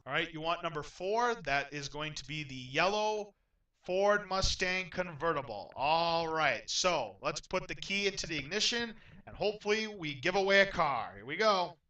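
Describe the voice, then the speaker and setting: A man hosting a game show in an upbeat, announcer-like way, getting loudly excited when a contestant wins. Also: on the high side, normal speed, recorded from a distance, poor audio.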